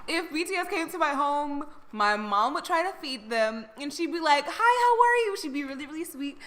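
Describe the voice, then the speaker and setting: A young woman chats on a casual podcast with a high, bright voice that swoops all over. She giggles constantly and swears freely, animated and loose. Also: a little fast. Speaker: podcast co-host. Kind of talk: casual chat.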